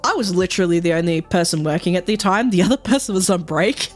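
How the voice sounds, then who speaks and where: A woman streamer chats casually while gaming, telling animated stories, swearing freely and laughing a lot. Her voice is lowish and quick, with soft music in the background.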